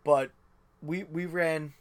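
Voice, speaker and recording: A man's voice: a little high, steady tone, takes it slowly. A man in casual chat, listening and chiming in with short replies. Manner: quiet, supportive listener with short interjections.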